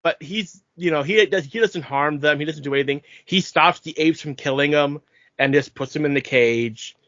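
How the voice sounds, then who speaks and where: A man co-host with a somewhat high voice, talking through film details with dry quips. The recording is dull and lo-fi, close and dry. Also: normal speed, a bit bright, no echo. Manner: explaining with wry one-line quips. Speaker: podcast co-host. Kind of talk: casual chat about a film.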